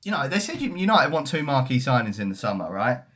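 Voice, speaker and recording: A man's voice: mid-range voice, very animated, brisk, fairly bright tone, husky. A young man hosting a football fan live stream, chatting casually and swearing as he reads comments. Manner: sweary, mocking banter. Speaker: football fan livestream host.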